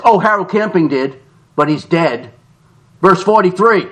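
A man preaching a fiery sermon, reading scripture, shouting for emphasis and dropping to low, quiet asides. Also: expressive, moderate pace. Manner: shouts for emphasis, swings between loud cries and low asides.

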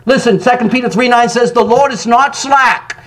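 A man preaching a sermon, jumping from loud exclamations to soft asides and laughing between phrases. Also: very high voice, normal speed, rough recording. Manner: animated preaching, sudden loud rises and soft drops. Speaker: pastor.

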